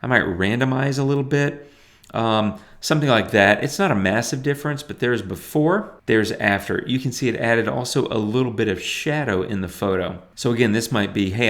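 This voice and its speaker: A middle-aged man explaining his photo editing steps in a relaxed, thinking-aloud way, with fillers and restarts. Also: on the low side, brisk. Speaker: photography tutor. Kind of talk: screen-recorded editing tutorial.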